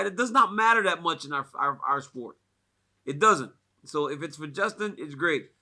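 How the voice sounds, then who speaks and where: A man's voice: on the high side, normal speed. A man from the United States speaking at a fight media day, telling stories casually with many fillers and frequent laughs. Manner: animated storyteller, laughs often, many "like" fillers.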